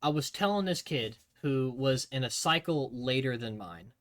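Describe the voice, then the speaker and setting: A man telling army training stories to his stream in a casual, profane, animated way. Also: mid-range voice, normal speed.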